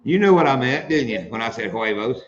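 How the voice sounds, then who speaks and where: A man's voice: mid-range voice, animated, brisk, muffled recording. A man hosting a casual live stream, telling jokes and laughing at them. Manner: joking storyteller, laughs at own jokes.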